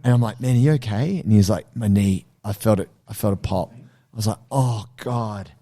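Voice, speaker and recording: A man's voice: lowish voice, quick pace, mellow. A man co-hosting a casual podcast, telling stories with lots of energy and acting out his own reactions. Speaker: podcast co-host and coach.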